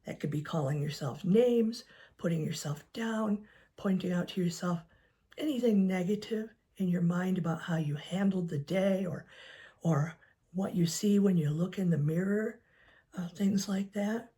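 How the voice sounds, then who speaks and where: A woman counselor giving gentle advice to camera, soft-spoken and often dropping to a near whisper. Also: on the low side, unhurried. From United States. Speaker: licensed professional counselor. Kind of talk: calm advice talk to camera.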